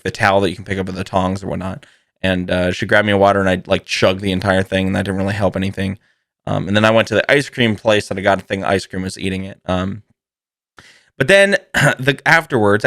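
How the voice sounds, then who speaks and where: A man's voice: fairly low pitch, fairly bright tone, no room sound, clean studio sound. A man hosting a podcast, telling a comedic story in a rambling way, swearing freely and laughing often. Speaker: podcast host.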